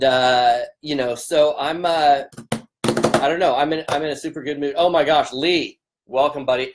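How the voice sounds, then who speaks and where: Upbeat rambling man with a strained voice. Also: mid-range voice. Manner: upbeat, rambling, greets viewers by name. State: strained, cracking voice. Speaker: business coach. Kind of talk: casual livestream chat.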